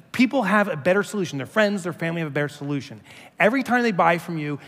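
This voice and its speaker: A man with a fairly high voice delivers a keynote, spinning animated, joking stories for the crowd. His voice carries the long reverb of a large conference hall. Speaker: keynote speaker. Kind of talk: keynote speech.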